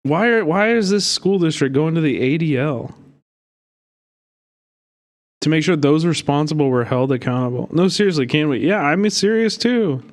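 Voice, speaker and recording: A man's voice: a little high, normal speed. A man streaming live, reacting to clips with mocking, profanity-laced commentary and frequent laughter. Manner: animated, cursing, mocking, laughs often. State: hiccups.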